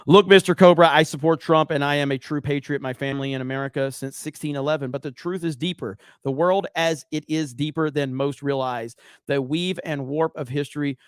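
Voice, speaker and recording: In clean, echo-free studio audio, a livestream host from Alabama with a Southern accent reads super chats amid profane, rambling, self-mocking chatter. His fairly high voice stays steady and smooth, and he speaks briskly.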